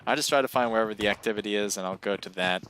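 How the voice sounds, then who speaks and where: A man's voice: fairly low pitch, racing, a bit bright, slight background noise. A man casting a live mobile battle royale match, casual and chatty, laughing and getting worked up at close calls. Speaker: esports caster. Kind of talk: live game commentary.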